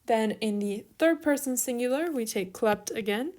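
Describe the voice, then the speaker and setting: Speaking at a normal speed in a high voice, a young Greek teacher explains verb forms step by step during an online lesson. She writes while she talks and slips in small apologies along the way.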